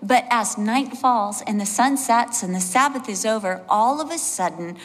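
A woman pastor preaching a sermon, telling animated personal stories and acting out the voices of the people in them. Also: fairly high pitch, normal speed. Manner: animated storyteller, acts out voices, laughs along. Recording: long hall reverb.

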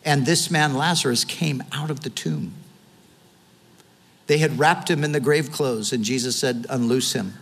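A man's voice: a little high, measured pace, fairly bright tone, in a large hall. A man preaching a sermon, earnestly retelling scripture with quoted dialogue. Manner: closing in prayer. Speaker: pastor.

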